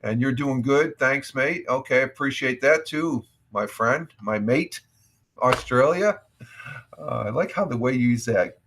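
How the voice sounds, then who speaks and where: His mid-range voice is a bit bright and measured in pace. A middle-aged American livestream host, he does casual morning talk about the news, full of fillers, restarts, and rambling.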